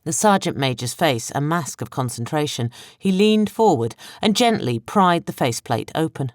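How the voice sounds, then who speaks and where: A woman narrating a science fiction audiobook in a measured, clear storytelling manner, close to a studio microphone. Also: low-pitched, dry recording. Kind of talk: scripted narration.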